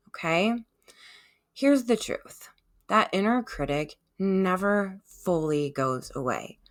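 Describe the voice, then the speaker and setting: Low, slow-talking woman podcast host. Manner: gentle, encouraging, checks in with "okay?". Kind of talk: self-help podcast monologue.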